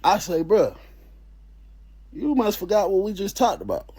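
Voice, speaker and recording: A man telling a story in a casual, animated way, full of slang and swearing. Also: sits high, measured pace, husky.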